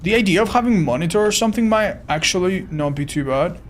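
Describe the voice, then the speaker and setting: A man's voice: high voice, lively intonation, fast. Cursing young man streaming a game. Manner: swears often, frustrated outbursts. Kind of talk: live gameplay commentary. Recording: noisy stream with game sound.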